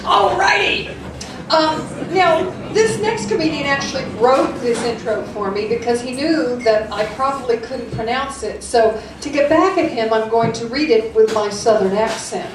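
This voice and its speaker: A woman's voice: on the high side, animated, moderate pace, few pauses. A woman emceeing a comedy class show, giving chatty, wry introductions. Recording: echoey room from a distance, noisy.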